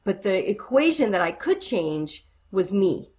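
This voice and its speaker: A woman's voice: medium pitch, unhurried. A middle-aged woman, a guest who counsels wives, speaking frankly and earnestly in a candid interview. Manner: earnest and frank, retells conversations with animated quoting.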